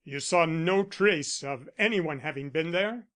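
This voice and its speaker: A man's voice: on the high side, unhurried, fairly bright tone. A man reading the part of an agitated young man, fierce and suspicious, in an audiobook. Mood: questioning. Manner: agitated, accusing.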